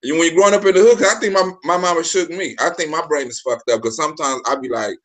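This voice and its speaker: Male livestream host with a high voice. Loose street slang, swearing, sudden loud bursts. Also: fast talker. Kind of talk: casual livestream chat.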